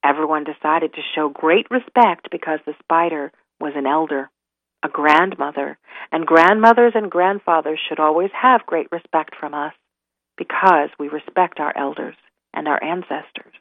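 A woman telling a folk tale, slow and dramatic in her delivery, heard over a tinny line. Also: deep voice, no room sound. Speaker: storyteller. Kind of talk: storytelling narration.

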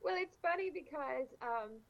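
A woman from the southeastern United States with a Southern accent, a guest chatting warmly and describing things in lush, colorful words. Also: high voice, lively intonation, moderate pace, vocal fry, no echo, muffled recording. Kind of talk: casual interview chat.

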